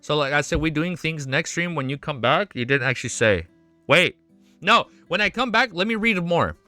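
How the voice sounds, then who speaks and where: A male streamer reacts out loud in casual live chat, excitable and quick to swear. His voice is bright and swings widely in pitch. The mic is close and dry, with faint music underneath. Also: dry recording. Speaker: streamer reacting to fan art.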